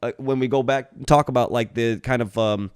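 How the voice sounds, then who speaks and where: A man's voice: medium pitch, steady tone, brisk, clean tone, no echo, studio quality. A man co-hosting a casual podcast, talking through his ideas at length and checking in with "right?" as he goes. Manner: rambling, explanatory, lots of "right?". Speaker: podcast co-host. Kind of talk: casual chat.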